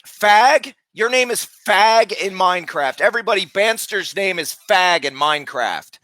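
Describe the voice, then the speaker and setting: A man live streaming, talking casually and loudly berating people with heavy profanity. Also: high-pitched, animated, a little slow, no echo.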